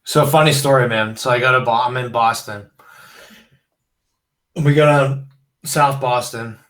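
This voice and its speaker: A man's voice: medium pitch, steady tone, unhurried, a bit bright. Rambling young man, roomy distant sound. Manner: rambling, laid-back, swearing. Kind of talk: casual chat, storytelling.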